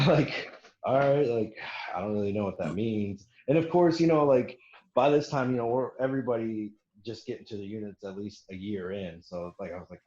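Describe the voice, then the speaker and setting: A young man spins a profane, laughing story for his podcast co-hosts, jumping into loud impressions of the people he met. His voice sits on the low side. The recording is roomy and a little dull, like a lo-fi home setup. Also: moderate pace. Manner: profane, laughing, quotes others in animated bursts. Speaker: podcast co-host telling a story. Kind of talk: casual storytelling chat.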